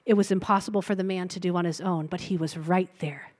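A woman's voice: lowish voice, fairly even intonation, quick pace, darkish tone. A woman preaching a sermon in a conversational way, retelling a Bible story and breaking into light laughs between points.

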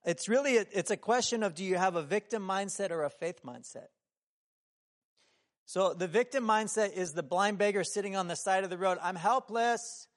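A man with a notably high voice delivers a sermon in a relaxed, conversational way. He keeps asking his listeners questions and acts out the people in his story, sometimes raising his voice to a shout. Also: brisk. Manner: conversational, asks the room many questions. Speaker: preacher.

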